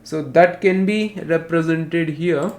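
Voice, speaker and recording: An Indian English man teaches literature over an online class at a slow, careful pace. He spells out terms letter by letter and repeats each definition so students can note it down. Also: fairly high pitch, a little hiss or hum.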